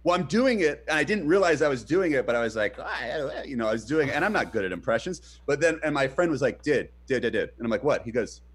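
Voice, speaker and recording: A man's voice: a little high, fast, hardly any pauses, breathy edge. A man co-hosting a casual streamed chat, rambling with many fillers and acting out the stories he tells. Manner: rambling, hesitant with many fillers, animated retellings. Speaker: podcast co-host.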